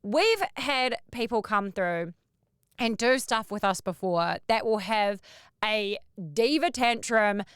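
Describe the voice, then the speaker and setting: A woman, hosting a podcast and telling a story in a casual, animated way, acting out the voices she quotes. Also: medium pitch, slow pace, clear, resonant tone, no room sound, studio quality. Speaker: podcast host.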